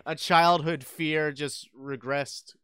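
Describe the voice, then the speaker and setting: A young man chats about consoles and games with his co-host, reacting easily and swearing now and then. His voice is bright and smooth. The recording is dry and close. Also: fairly high pitch, steady tone, slow, no room sound. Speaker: podcast co-host. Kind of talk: casual gaming chat.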